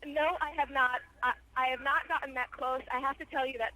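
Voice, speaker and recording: A woman's voice: high-pitched, fairly even intonation, sharp tone. Shaken woman on a phone line. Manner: halting, with many restarts. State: shaken, stuttering. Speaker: eyewitness caller. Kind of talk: live phone account.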